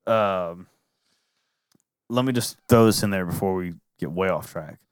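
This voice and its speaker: A man with a fairly low voice hosts a relaxed film chat, rambling and leaning on filler words as he talks. His voice is recorded close and dry, with no room sound around it. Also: measured pace, clean tone, dry recording. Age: adult. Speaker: podcast host. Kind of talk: casual movie-review chat.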